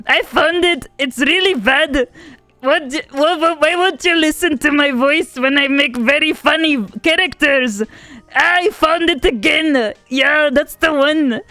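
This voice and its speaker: Woman putting on a booming fake-German tough guy, hammy and over-the-top, drawn-out words, raised pitch, dry close sound, faint music underneath. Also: animated, no echo.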